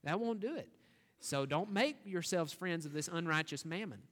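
A high-pitched man preaches, pressing his listeners with earnest rhetorical questions. His voice rings out with a long reverb that fills the church hall. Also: expressive, moderate pace, fairly bright tone. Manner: earnest, rhetorical questions, rising to emphatic reading. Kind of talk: sermon.

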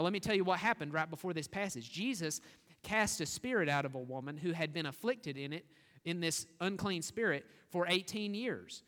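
A man's voice: fairly high pitch, pushed and bright. A man preaching a sermon, earnest and full of rhetorical questions, building to an emphatic scripture reading. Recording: long reverb of a church hall.

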